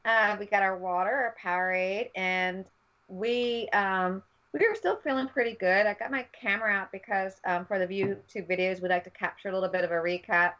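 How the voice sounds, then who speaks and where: A woman's voice: medium pitch, fairly even intonation, moderate pace, a bit bright. Chatty woman podcast co-host, lo-fi. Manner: chatty, rambling with many fillers. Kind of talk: casual chat. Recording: dull lo-fi recording.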